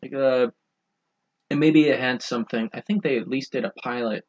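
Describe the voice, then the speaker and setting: A young man co-hosts a podcast, chatting casually and rambling through crude jokes. His mid-range voice moves at normal speed. The podcast audio is dull and lo-fi.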